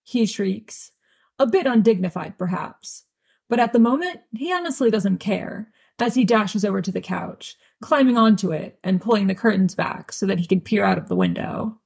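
Gravelly, husky woman narrating a story. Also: medium pitch, animated, moderate pace, darkish tone. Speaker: audiobook reader. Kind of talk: fan audiobook narration.

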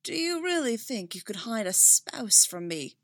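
A woman's voice: on the high side, measured pace, no room sound, voice pushed up. A woman reading as a weary, dry-witted Jedi master. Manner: calm and dry. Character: wry, weary male Jedi master, middle-aged. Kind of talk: fan audiobook reading.

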